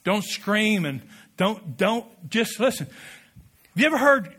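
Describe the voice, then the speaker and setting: A man preaching a sermon with passion, building to loud peaks and dropping to quiet asides, leading the congregation in call-and-response. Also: sits high, sing-song, slow pace. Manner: impassioned, rising to shouted peaks, drops to quiet asides. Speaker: pastor.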